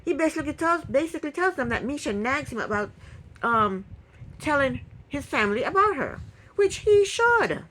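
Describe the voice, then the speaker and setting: A woman recapping a reality TV episode in casual talk, opinionated and indignant, with quick asides. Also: high-pitched, big pitch swings, fairly bright tone, a little hiss or hum, rough recording.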